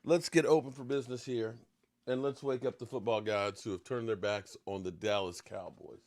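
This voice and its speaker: A man hosting a casual sports talk show, ranting and joking in an animated way while eating pie, swinging between low mutters and loud outbursts. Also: moderate pace, dry recording.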